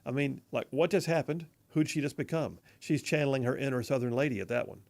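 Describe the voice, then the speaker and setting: A man hosting a conservative talk radio show in a studio, mocking and animated, stretching words for emphasis. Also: mid-range voice, fast talker, vocal fry. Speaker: radio host. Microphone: studio mic.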